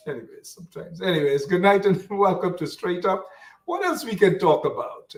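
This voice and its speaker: A Guyanese man hosts a political call-in style show in a lively, ranting way, circling back to the same phrases again and again. His voice sits a little high for a man. It sounds roomy and a bit distant, as if he stands back from the microphone in an echoey space. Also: normal speed, creaky. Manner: animated, repetitive, ranting. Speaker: talk show host. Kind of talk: casual political talk show.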